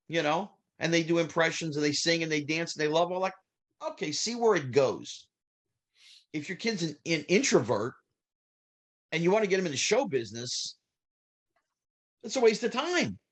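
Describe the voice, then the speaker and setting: A man, a former child actor telling lively stories as an interview guest. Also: a little high. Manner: animated, acts out quoted people, restarts. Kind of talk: storytelling interview answers.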